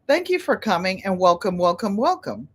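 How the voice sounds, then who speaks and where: A woman's voice: medium pitch, very animated, moderate pace. Older woman hosting a livestream, rambling casual chat, welcomes viewers by name. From United States. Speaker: livestream host.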